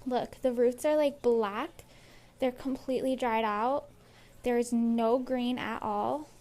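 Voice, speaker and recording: Woman vlogger, out of breath and exasperated, casual ranting review, voice a touch high. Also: fairly even intonation, slow, a little mellow. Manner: exasperated, says "like" often. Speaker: plant vlogger.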